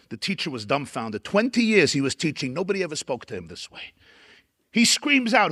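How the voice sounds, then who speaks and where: A man's voice: on the high side, big pitch swings, fairly quick, fairly bright tone, husky, no echo, studio quality. A man, a rabbi, giving a storytelling keynote lecture at a dinner event, emphatic and building up lists.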